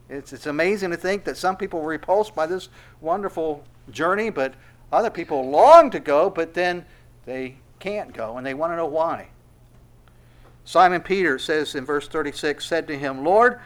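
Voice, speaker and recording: A man's voice: on the high side, expressive, normal speed. Emphatic middle-aged man preaching. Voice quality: laughs softly between points. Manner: swings between soft asides and loud emphatic peaks. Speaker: pastor. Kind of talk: expository sermon.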